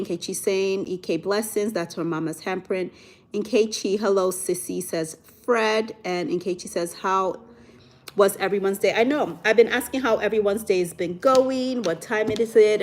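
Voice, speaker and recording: Young woman from Nigeria, livestream host; chatty, animated, reads chat aloud. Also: medium pitch. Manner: chatty, reads out viewer comments, animated reactions. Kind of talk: casual livestream chat, reading comments aloud.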